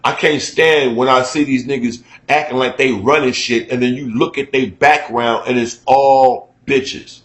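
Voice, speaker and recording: A middle-aged man giving a candid, profane talk-show monologue, emphatic and conversational, getting loud when he is worked up. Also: medium pitch, steady tone, measured pace, hardly any pauses, echoey room, poor audio. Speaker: radio talk show host.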